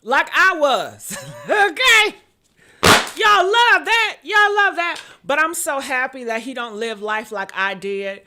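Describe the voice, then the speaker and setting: A woman's voice: fairly high pitch, pushed and bright. A woman vlogger reading out viewer comments in mock outrage, sarcastic, laughing often and repeating short exclamations.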